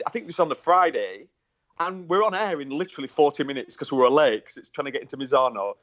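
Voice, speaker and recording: A man, co-presenting a casual chat and telling an animated anecdote with laughs. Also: a little high. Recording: muffled lo-fi recording.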